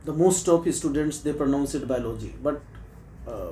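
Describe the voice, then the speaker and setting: A man from Bihar speaks with an Indian accent as he conducts a mock job interview and presses the candidate hard. His voice is slightly high and mellow. It carries a noticeable room echo with faint background noise. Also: normal speed. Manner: probing, challenging questions.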